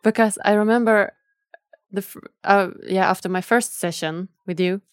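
A woman hosts a podcast in relaxed conversation. She talks earnestly and emotionally, with many fillers. The sound is close and dry. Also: mid-range voice, moderate pace, clear, resonant tone, dry recording. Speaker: podcast host. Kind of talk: casual interview chat.

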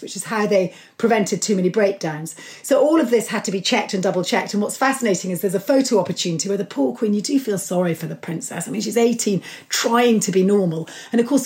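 A woman author speaking as a guest in an interview, telling history stories with enthusiasm and an animated manner. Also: mid-range voice. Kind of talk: conversational interview.

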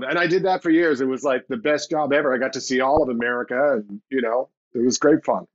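A man's voice: medium pitch, fast talker, hardly any pauses. A middle-aged man, a podcast guest telling wry anecdotes with sarcastic asides. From Canada. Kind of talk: anecdotal storytelling.

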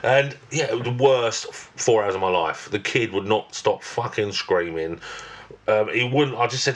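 A man's voice: on the low side, moderate pace. A man from Britain co-hosting a podcast, rambling through stories and swearing often. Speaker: podcast co-host. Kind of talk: casual chat.

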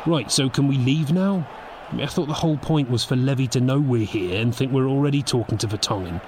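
An actor playing an indignant, easily wounded football manager who whines about slights, in a comedy audio drama. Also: male voice, mid-range voice, a little fast, a little mellow, slight background noise, lightly acted. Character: touchy self-pitying male football manager. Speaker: football club executive.

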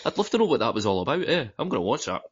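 A Scottish man chatting about football with a husky voice that swings up and down in pitch. He bursts out and swears, and he talks in a casual podcast manner. The audio is dull and lo-fi. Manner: animated, swears, quick outbursts. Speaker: podcast co-host.

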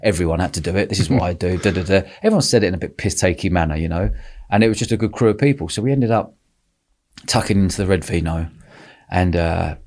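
Fast-talking animated man telling a story. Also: low voice. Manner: animated, laughing, acts out quotes. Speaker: podcast host. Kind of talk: casual storytelling chat.

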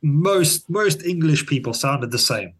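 A man's voice: on the high side, animated, a little slow, husky. A man with a South African accent, co-hosting a casual podcast chat, musing aloud and often restarting his sentences. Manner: thoughtful, restarts and trails off. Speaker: podcast co-host.

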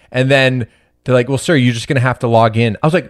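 A man's voice: mid-range voice, steady tone, fast, dry recording, studio quality. A man on a podcast in casual chat, telling a story with animation and acting out both sides of a call. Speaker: podcast co-host.

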